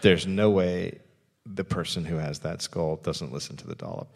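A man's voice: deep voice, moderate pace, creaky, big-room sound. A man telling a story on a live comedy podcast on stage, dry and sardonic.

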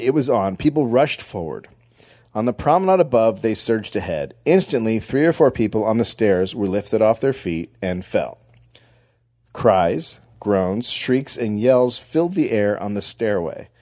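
A man's voice: fairly low pitch, normal speed, no echo. Wry man telling a history story. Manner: reads notes in a wry, dry deadpan with swearing. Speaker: podcast host.

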